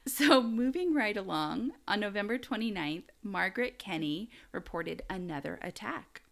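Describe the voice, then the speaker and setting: Giggly bright-voiced woman podcaster. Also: medium pitch, animated, normal speed, creaky. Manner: giggly, rambling, frequent laughter. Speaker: podcast co-host. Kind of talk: casual true-crime chat.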